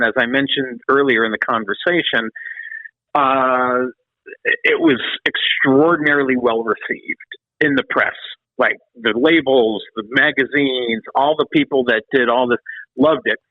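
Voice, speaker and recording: A middle-aged man, a former metal drummer, telling long stories in a casual interview, animated and rambling, often restarting and swearing. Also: medium pitch, measured pace, no room sound. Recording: dry, phone-like call audio.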